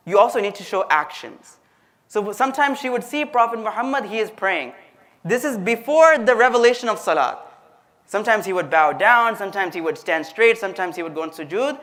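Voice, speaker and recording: A man's voice: high voice, animated, normal speed, fairly bright tone. A man giving a conversational, storytelling religious lecture, speaking directly to his audience. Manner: conversational, addresses the audience directly, acts out quotes. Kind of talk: storytelling sermon.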